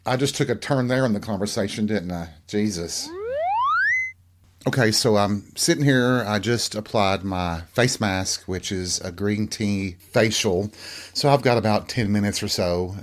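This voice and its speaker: A middle-aged man from Tennessee talks on his own show in a loose, chatty way. His voice sits low, and he tells stories in a campy, candid manner. The talk is relaxed solo chat. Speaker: podcast host.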